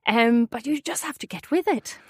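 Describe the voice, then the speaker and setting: A woman with a Swedish accent teaches her language on a podcast, patiently modelling each phrase. Her fairly high voice swings up and down in a lively, sing-song way. The recording is dry and close. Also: normal speed, husky, dry recording.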